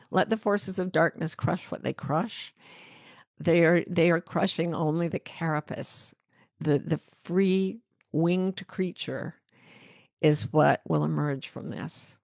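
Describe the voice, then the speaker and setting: A middle-aged American woman hosting a live talk, reading viewer questions and a poem in a gentle, reflective way. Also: low-pitched, gravelly, no room sound, clean studio sound. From United States. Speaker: host answering viewer comments.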